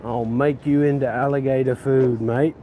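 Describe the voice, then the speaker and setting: A man's voice: mid-range voice, steady tone, normal speed, phone-quality sound, close to an everyday voice. A man putting on a drunk, swearing bloke. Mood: belligerent. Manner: slurred, swearing, rambling threats. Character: drunk, foul-mouthed, belligerent Australian bloke. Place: street outdoors. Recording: outdoor street traffic noise.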